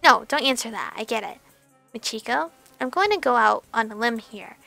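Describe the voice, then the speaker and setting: A woman voicing a sly young sorceress who cursed men, reading game dialogue aloud in a calm, probing way. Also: a little high, moderate pace, vocal fry, no echo, soft background music, exaggerated voice. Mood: cool. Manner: calm, cool, probing questions.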